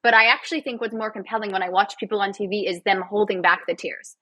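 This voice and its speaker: Bright, sarcastic woman podcast guest. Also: mid-range voice, steady tone, fast talker, no echo, poor audio. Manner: sarcastic, jokey, laughs often. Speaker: guest, physiotherapist and actor. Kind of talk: casual podcast chat.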